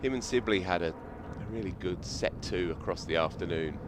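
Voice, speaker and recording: A man's voice: low voice, fairly quick, background noise. A man commentating on cricket, telling reflective anecdotes.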